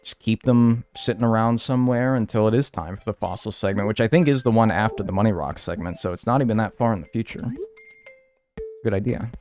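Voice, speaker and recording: A man's voice: fairly low pitch, fairly quick, darkish tone, soft background music. A young man streaming a game live, talking to his viewers with playful mock outrage and a lot of swearing.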